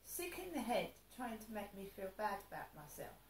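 A woman with a gravelly, creaky voice rambles through a personal story. She sounds upset and vents as she goes, often restarting her sentences. The room echoes around her, with a faint ambient hum behind. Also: medium pitch, big pitch swings, normal speed. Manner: upset, venting, meandering with restarts. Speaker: vlogger.

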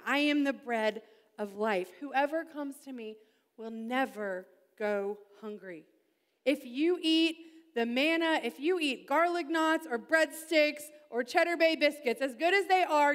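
Lively woman pastor preaching. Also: high voice, long reverb tail. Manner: upbeat, playful, addresses the congregation directly. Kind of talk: sermon. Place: church hall.

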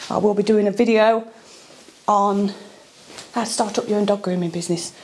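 A woman's voice: medium pitch, steady tone, moderate pace, a little mellow, slight background noise. Chatty woman vlogging her DIY. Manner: chatty, rambling, homely. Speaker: dog groomer and vlogger. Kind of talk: casual DIY vlog chat.

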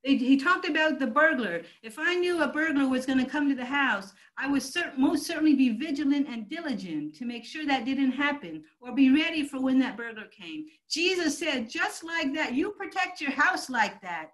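A woman's voice: sits high, expressive, normal speed, hardly any pauses, poor audio. A woman pastor preaching a sermon, emphatic and calling out to her congregation. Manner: emphatic preaching, calls out to the church.

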